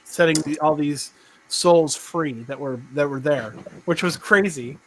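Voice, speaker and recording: A middle-aged man hosting a live stream chat, his voice sitting a little higher than most men's. He rambles, restarts his sentences often and chuckles as he goes. He sounds like he is on a video call. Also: unhurried, a bit bright, slight background noise, low-quality recording. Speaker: podcast host.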